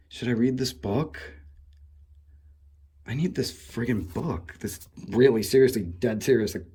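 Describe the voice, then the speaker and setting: A man, vlogging while exploring an abandoned asylum indoors, gushing excitedly, swearing and rambling to himself. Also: mid-range voice, breathy edge. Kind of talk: casual explore vlog, talking to camera.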